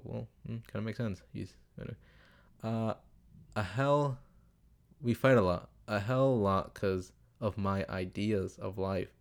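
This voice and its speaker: A young man talks into his home setup in a low, gravelly voice, reading out listener questions for his casual advice podcast. He rambles, curses freely and keeps losing his thread. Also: darkish tone. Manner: rambling, swears, gets off topic. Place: home room with window, street noise outside. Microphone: desktop computer setup.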